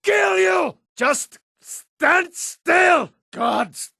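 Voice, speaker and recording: Burly nord fighter from a fantasy game, middle-aged, slow steady talk, dry close sound. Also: male voice, very high-pitched, gravelly, no echo, exaggerated voice. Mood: battle shouting. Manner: shouts battle cries, plain folksy small talk. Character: burly male Nord townsman and warrior, gruff. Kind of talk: video game character voice lines.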